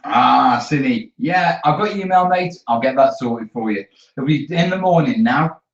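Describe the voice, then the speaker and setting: Hosting a live studio stream for a terrain-building channel, a man chats easily with viewers while working, his mid-range voice animated and moderately paced. His manner is chatty and easygoing, and the recording sounds roomy, distant, and dull.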